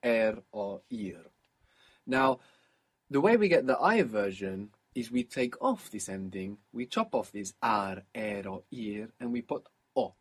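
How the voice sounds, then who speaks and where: A man with a slightly husky, mid-pitched voice teaches a recorded language lesson. He explains patiently, pausing to repeat word endings and forms slowly. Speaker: language teacher on audio course.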